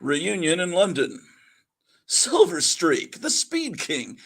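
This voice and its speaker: A man's voice: on the high side, huge pitch swings, slow, creaky, fairly bright tone. A man reading a vintage comic book aloud in a casual way, stopping now and then for asides. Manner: reads along, breaking off for asides.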